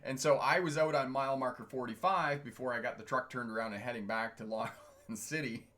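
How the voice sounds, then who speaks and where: A middle-aged man with a bright, clear-toned voice telling stories on a casual livestream. He talks in a chatty, digressive way and chuckles often between stories. He stops now and then to answer viewers' comments. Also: medium pitch, fairly even intonation, a little fast. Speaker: truck driving instructor and channel host. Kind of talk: casual livestream storytelling, reading chat comments.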